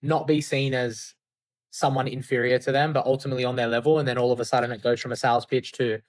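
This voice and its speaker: A man's voice: mid-range voice, level tone, fast talker. A man speaking as a podcast guest, loose and candid, swearing now and then and leaning on "like" as he gives sales advice. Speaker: podcast guest, outbound sales agency founder. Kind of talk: casual interview talk.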